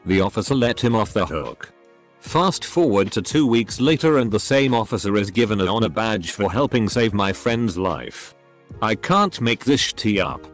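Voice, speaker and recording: A man narrating online stories as scripted readings, in a lively, expressive way. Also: fairly low pitch, moderate pace, faint music behind.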